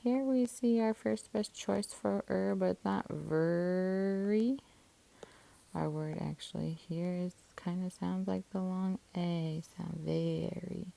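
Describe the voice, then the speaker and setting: A woman's voice: lowish voice, measured pace, vocal fry, hardly any pauses, warm tone, rough recording. A woman teaching a spelling lesson, patiently sounding out syllables and coding words, sometimes dropping to a whisper.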